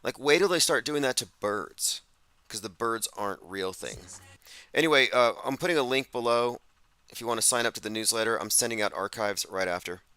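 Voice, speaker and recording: A man's voice: mid-range voice, brisk, bright, forceful tone, clean tone, dry recording. A man hosting a casual livestream show, talking sardonically and reading out viewers' chat comments. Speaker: host.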